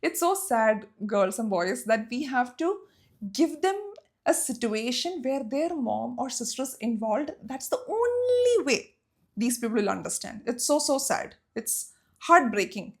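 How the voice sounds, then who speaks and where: A woman's voice: fairly high pitch, animated, a little slow. A young woman from Saudi Arabia telling a personal story in a storytime vlog, emotional and emphatic. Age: young adult.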